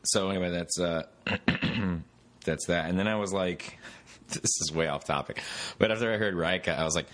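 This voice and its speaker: A man with a very low, deep voice hosts a casual podcast chat. He rambles from one tangent to the next, swearing freely and talking loosely like he's among friends. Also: moderate pace, a bit bright. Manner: rambling, profane, tangent-prone storytelling. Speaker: podcast host.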